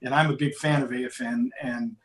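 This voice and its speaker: A man's voice: medium pitch, fairly even intonation, a little fast, fairly bright tone. Earnest man in an echoey room. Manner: earnest, leans on "you know". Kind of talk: radio interview. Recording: roomy echo.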